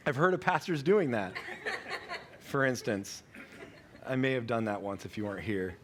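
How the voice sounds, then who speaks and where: A man's voice: medium pitch, animated, measured pace, long pauses, crowd noise. A man in his thirties preaching a sermon as pastor, telling a family story conversationally and correcting himself as he goes.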